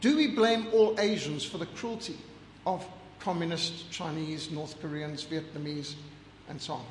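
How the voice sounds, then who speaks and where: A man's voice: fairly high pitch, measured pace, a little hiss or hum. A man giving an impassioned lecture over slides, firing off rhetorical questions and emphatic lists. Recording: echoey hall with long reverb.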